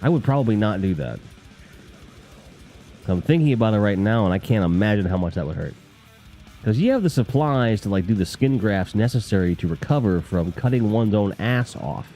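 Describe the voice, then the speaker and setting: A man's voice: fairly low pitch, expressive, moderate pace, mellow, faint music behind. A man hosting a casual live stream, rambling and joking with crude humor while talking to his chat.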